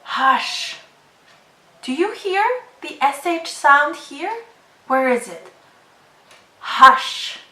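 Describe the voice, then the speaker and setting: A woman teaching a phonics lesson to children, speaking slowly with clear, encouraging enunciation. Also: sits high, lively intonation, bright, forceful tone, reverberant, far from the mic. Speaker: English teacher.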